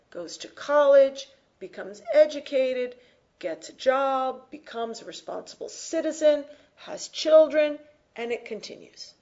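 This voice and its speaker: A woman teacher lecturing on a book, reading lines aloud and defining key words with slow, deliberate emphasis. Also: high-pitched, darkish tone. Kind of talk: lecture, close reading of a text.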